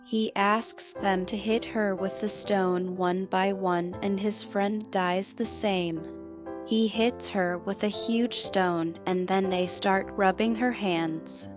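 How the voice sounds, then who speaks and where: Slow-reading woman narrating a film recap. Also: medium pitch, steady tone, music in the background. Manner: slow, measured reading of plot events and quotes.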